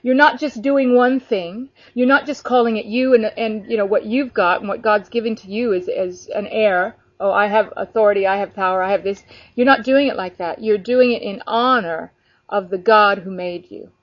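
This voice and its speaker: A woman talking casually about her faith, earnest and animated, filling her talk with "you know.". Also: fairly high pitch, moderate pace, no echo. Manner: animated, earnest, many fillers. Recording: dull lo-fi sound.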